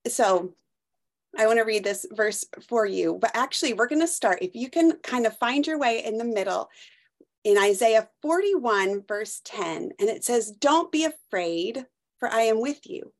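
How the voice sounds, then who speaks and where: A woman's voice: on the high side, animated, moderate pace. A woman sharing a personal testimony at church, hesitant and searching for words. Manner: hesitant, with restarts and fillers. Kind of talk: personal testimony and scripture reading.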